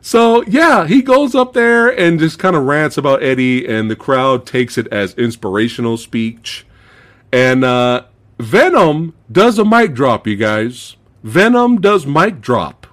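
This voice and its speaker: A male podcast host chatting casually about a movie, animated, swearing freely, laughing often and acting out movie lines. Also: mid-range voice, slow. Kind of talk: casual movie review chat.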